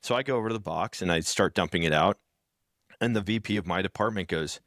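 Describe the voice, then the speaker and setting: A man with a low voice chats casually as a podcast co-host, spinning stories and acting out the people in them. His voice is recorded close and dry, with no room sound. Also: fast, no echo. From rural background. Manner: storytelling, animated when acting out others. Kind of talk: casual chat.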